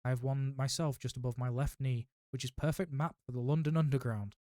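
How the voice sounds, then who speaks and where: A man voicing a calm, gentle old wizard headmaster with a dry wit. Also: mid-range voice, a little fast, no echo, lightly acted.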